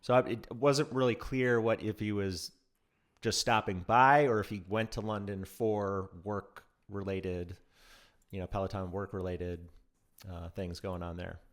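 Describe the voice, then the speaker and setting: A man's voice: fairly low pitch, steady tone. A man co-hosting a casual news podcast, reading news with frequent ums and restarts. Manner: halting, many ums and restarts. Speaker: podcast co-host.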